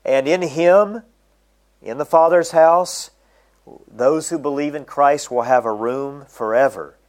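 Middle-aged male preacher, sermon delivery, emphatic, a touch high-pitched. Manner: emphatic, slows down to stress key phrases.

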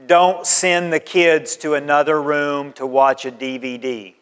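A high-voiced pastor delivers a sermon, exhorting his listeners repeatedly and acting out little conversations along the way. His delivery is flat and unhurried with few pauses, the tone fairly bright, clear and resonant. A long reverb rings around him, as in a large church hall.

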